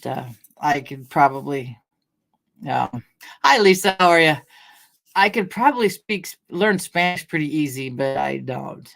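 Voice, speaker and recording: Hosting a relaxed livestream, a middle-aged Washington State woman rambles through stories, laughs a lot, and calls out chat readers by name. She speaks at a measured pace in a low, expressive voice with vocal fry and a fairly bright tone.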